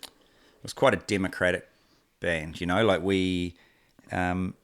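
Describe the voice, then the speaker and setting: A company co-founder in his forties with a New Zealand accent speaks as a guest in a casual interview, his voice sitting low and a little slow. Relaxed and rambling, he tells stories and acts out the quoted dialogue as he goes.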